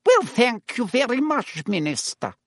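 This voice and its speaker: A gossipy innkeeper woman in a storybook, voiced high and bouncing all over by a man doing her voice. She sounds eager and nosy, in a close, dry recording. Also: wildly swooping pitch, a little slow, no room sound, exaggerated voice. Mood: curious. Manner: chatty, gossipy. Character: curious middle-aged female innkeeper.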